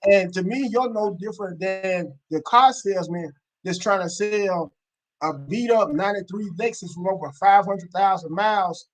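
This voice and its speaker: A man's voice: sits high, normal speed, poor audio. A man calling into a live show, making a long, blunt argument built on an analogy. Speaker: caller. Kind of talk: call-in commentary.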